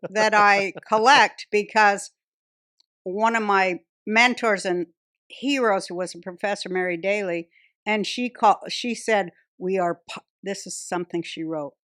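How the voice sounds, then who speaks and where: Host: blunt, salty woman, medium pitch, dry close sound. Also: fairly even intonation, measured pace, fairly bright tone, no room sound. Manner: blunt and profane, interjects often. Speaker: podcast host. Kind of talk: casual chat.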